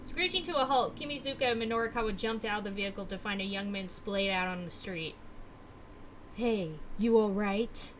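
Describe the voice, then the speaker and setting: Animated young woman reading a game aloud. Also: medium pitch, fast talker, hardly any pauses, a little hiss or hum. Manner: animated, laughs, excited asides. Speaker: let's play host and narrator. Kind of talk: reading a visual novel aloud and chatting.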